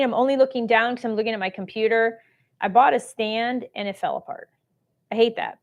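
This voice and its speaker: A woman's voice: on the high side, normal speed. A woman hosting a live-streamed shopping show, talking chattily and salesy while reading out and answering viewer comments. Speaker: host of a live shopping stream on government contracting.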